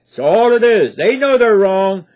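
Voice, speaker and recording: A man's voice: sits high, animated, measured pace. A man giving a casual spoken monologue as a commentator, folksy and rambling, with many fillers and restarts. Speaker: religious commentator. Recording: dull lo-fi recording.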